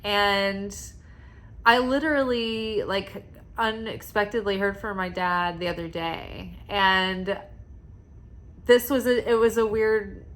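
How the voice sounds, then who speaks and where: A woman's voice: mid-range voice, steady tone, takes it slowly. A woman reading oracle cards in a casual vlog, talking in a rambling, confiding way with lots of "like" fillers. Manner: soft and quiet at times, with sighs and laughs. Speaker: oracle card reader.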